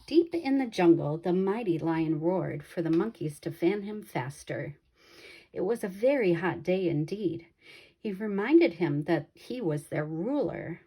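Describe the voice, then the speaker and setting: A woman reading a children's picture book aloud in a slow, expressive way. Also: lowish voice, slightly rough. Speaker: storybook reader.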